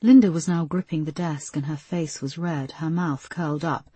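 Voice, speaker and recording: A woman narrating an audiobook in a measured, even storytelling manner. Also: deep voice, breathy edge, no room sound. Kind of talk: scripted narration.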